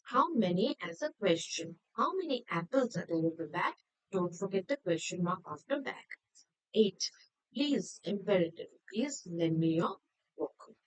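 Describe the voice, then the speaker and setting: A woman's voice: mid-range voice, very animated, unhurried, no echo, poor audio. A woman teacher going through a grammar worksheet, explaining each answer step by step in a methodical way.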